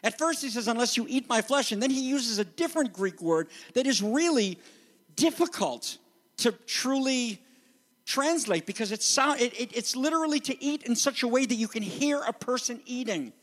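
A man preaching a sermon as pastor, animated and conversational, acting out the voices he quotes. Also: very high voice, moderate pace, in a large hall.

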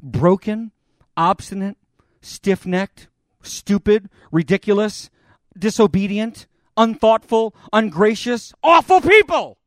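A man preaching a sermon, dramatic and expressive as he retells a scripture scene. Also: sits high, slow, dry recording, studio quality. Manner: dramatic, voices God and Moses in the retelling.

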